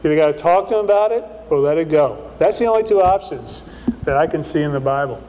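A man's voice: fairly high pitch, lively intonation, fast, darkish tone. A man preaching a conversational sermon as a pastor, often checking in with "right?", in a church hall.

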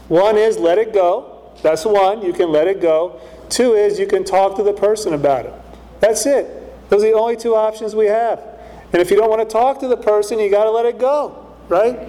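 A man's voice: high voice, dark tone. A man preaching a conversational sermon as a pastor, often checking in with "right?", in a church hall.

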